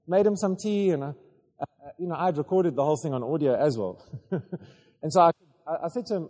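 Man preaching in an echoing hall. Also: on the high side. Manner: animated, halting storytelling with many restarts. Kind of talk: storytelling sermon.

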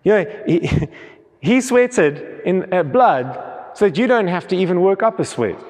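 A man with a high voice preaches a sermon, reading scripture aloud. He often restarts and repeats his words as he goes. His voice carries a long reverberation from the hall. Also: animated, unhurried, darkish tone.

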